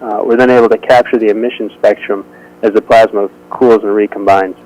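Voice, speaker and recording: A man giving a prepared technical presentation over a remote audio link to a workshop, measured and dotted with frequent hesitations. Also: fairly low pitch, fairly even intonation, a little mellow, poor audio.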